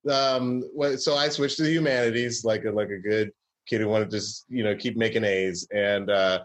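A man's voice: on the low side, fairly quick. A man from Georgia, a comedy writer, telling stories in a casual interview with many fillers and restarts.

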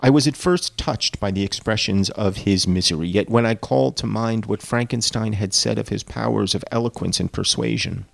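A man reading aloud as a stern, indignant man rebuking a fiend, in a measured, deliberate delivery. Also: on the low side, creaky, dry recording.

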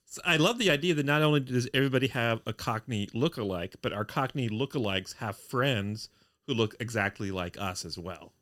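A man's voice: mid-range voice, lively intonation, brisk, fairly bright tone. A man co-hosting a casual chat about an old TV show, retelling scenes with dry humor. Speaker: podcast co-host.

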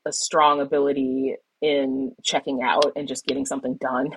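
A woman's voice: rumbling low, flat delivery, normal speed, breathy edge, no room sound, rough recording. A woman in a casual podcast chat, talking in rambling asides and laughing often.

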